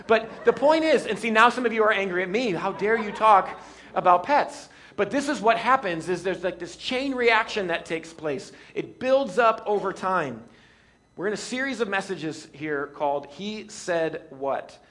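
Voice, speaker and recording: Male pastor, high voice, playful sermon delivery that leans on jokes and acted-out bits. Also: moderate pace. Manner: lively, joking, acts out scenes.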